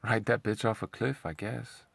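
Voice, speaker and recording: A low, gravelly man talks slowly through a scornful commentary rant. His voice is husky and deep, and he mocks his subject with rambling sarcasm. The sound is close and dry. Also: fairly even intonation, fairly bright tone, no room sound. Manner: rambling, repeats himself. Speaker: commentary channel host. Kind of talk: opinionated commentary monologue.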